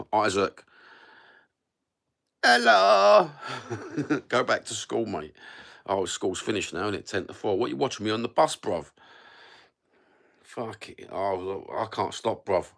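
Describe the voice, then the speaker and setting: A Cockney man in his fifties with a fairly low voice talks straight into his phone on a live stream. He rambles and swears freely with easygoing, blokey banter. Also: normal speed, long pauses, fairly bright tone. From London. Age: 50s. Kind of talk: casual live-stream chat.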